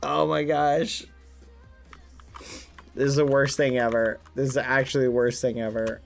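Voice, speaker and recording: A woman streaming gameplay and chatting with her viewers, theatrical, swinging between low mutters and loud frustrated yelps. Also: little pitch movement, unhurried, vocal fry, over music. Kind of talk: live-streamed gameplay chat.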